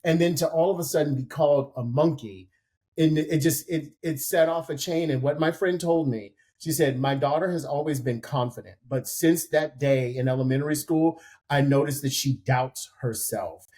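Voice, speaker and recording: A man's voice: on the high side, moderate pace. A man co-hosting a talk show, earnestly retelling a friend's story in a conversational way. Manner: earnest, animated retelling with quoted voices. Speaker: podcast co-host.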